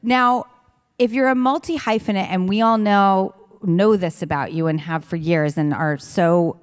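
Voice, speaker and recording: A woman's voice: medium pitch, fairly even intonation, a little slow, clear, resonant tone. Woman hosting an onstage chat, earnest and gushy, echoey hall. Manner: earnest, reflective, openly enthusiastic. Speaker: interviewer. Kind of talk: onstage conversation. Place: live event stage. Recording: long hall reverb.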